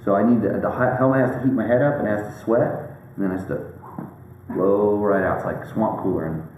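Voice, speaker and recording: A man hosts a casual chat, rambling and joking with plenty of fillers and restarts. His voice is lowish, steady, fairly quick and a little mellow, and the very echoey room carries faint background noise.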